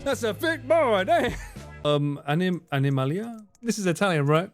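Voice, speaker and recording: Excitable man, lively swearing streamer. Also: sits high, unhurried, faint music behind. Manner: excitable, swears a lot, laughs often. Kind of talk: casual gameplay commentary.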